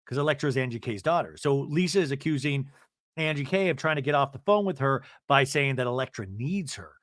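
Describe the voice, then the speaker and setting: A man hosting a podcast, telling a comedic reality TV recap with animated storytelling. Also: mid-range voice, a little fast, no room sound, clean studio sound. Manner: animated storytelling, swearing, laughing at the drama. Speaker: podcast host.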